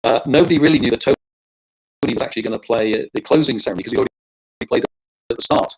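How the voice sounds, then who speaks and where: A man from the UK, a guest on a chat show, explaining things at length with halting restarts. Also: medium pitch, darkish tone, breathy edge, poor audio. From United Kingdom. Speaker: guest co-host. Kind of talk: casual chat.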